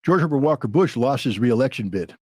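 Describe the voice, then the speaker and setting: A man's voice: mid-range voice, expressive, fairly quick, a little mellow, breathy edge, dry recording, clean studio sound. A man in his sixties, a former weapons inspector and podcast guest, telling a story bluntly and acting out the dialogue. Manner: blunt, vivid retelling with dialogue.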